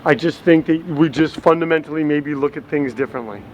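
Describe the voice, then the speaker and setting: A man's voice: fairly high pitch, a little fast, lo-fi sound, natural voice. A man playing a desperate, rambling dumped boyfriend. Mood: pleading. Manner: rambling, repetitive, pleading. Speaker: lead character in a short comedy film. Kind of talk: rambling video message to an ex. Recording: street noise with passing vehicles.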